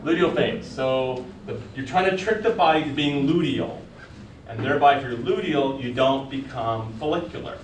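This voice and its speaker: A man's voice: mid-range voice, moderate pace, recorded from a distance, slight background noise. A man teaching a college biology class, lecturing casually and firing questions at his students. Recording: echoey classroom recorded from afar.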